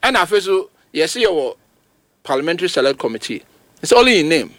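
Animated Ghanaian man talking football. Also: brisk, no room sound, studio quality. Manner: emphatic, animated, rising to sudden high outbursts. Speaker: football pundit. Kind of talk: radio sports talk, mixing Twi and English.

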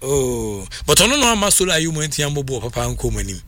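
A man with a Ghanaian accent talking football as a radio pundit, excitable and rambling, laughing often. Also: mid-range voice, quick pace. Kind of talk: casual radio talk.

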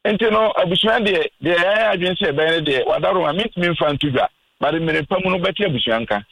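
Family spokesman, male, from Ghana, slightly high voice; earnest, pleading radio guest. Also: lively intonation, quick pace, creaky, fairly bright tone, low-quality recording. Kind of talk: radio interview talk.

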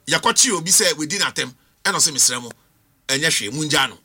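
A man's voice: on the high side, expressive, moderate pace, bright, forceful tone, husky. A man with a Ghanaian accent, a political commentator on a studio panel, arguing with rhetorical questions and switching between English and Twi.

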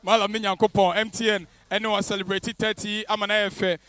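Bright high-voiced MC. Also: male voice, level tone, a little fast, no echo. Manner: upbeat, hyping, switching into English. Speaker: event MC. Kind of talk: energetic promo event hosting.

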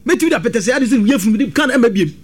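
Brief: man, very high and lively pitch, quick delivery, healer selling his services on air. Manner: repeats his phone number slowly, digit group by digit group. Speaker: spiritual healer on a call-in show. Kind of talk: on-air testimony and advertisement.

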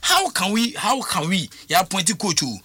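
A man giving animated talk radio commentary, often asking "you understand?". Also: high-pitched, normal speed. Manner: animated, code-switching, repeats "you understand?".

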